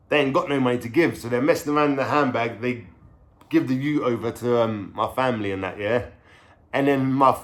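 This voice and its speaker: A young man with a London street accent telling a story to camera in casual slang, swearing and checking in with "you know what I'm saying?". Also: mid-range voice. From London, England. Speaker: vlogger.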